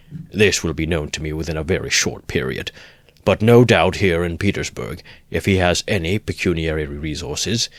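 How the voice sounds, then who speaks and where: A man reading aloud, voicing a pompous, long-winded middle-aged gentleman. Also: sits low, no room sound, lightly acted.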